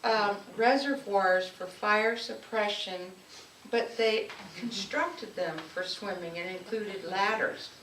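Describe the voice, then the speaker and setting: A local woman with a mid-range voice speaks slowly at an anniversary event, fondly telling stories from her life as a public speech. The room echoes, the mic is distant, and there is faint noise.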